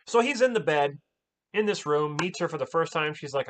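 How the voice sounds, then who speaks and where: A man recapping a movie in a casual, animated way, exclaiming often and swearing a lot. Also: on the high side, a little fast. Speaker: movie reviewer.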